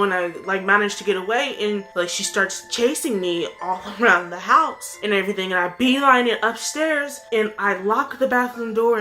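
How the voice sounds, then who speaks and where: A woman's voice: mid-range voice, pushed and bright. A young woman vlogger telling a story casually, rambling with plenty of fillers.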